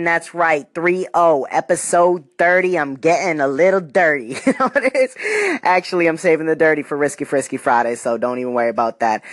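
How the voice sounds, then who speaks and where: A man hosting his own comedy podcast, talking in an animated, slangy way and laughing often between jokes. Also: a little high, no echo. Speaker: podcast host.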